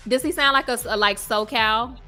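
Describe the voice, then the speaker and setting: Woman with a bright, forceful voice. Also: a little high, a little fast, faint music behind. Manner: slangy, emphatic, relaxed. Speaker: podcast co-host. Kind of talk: casual chat.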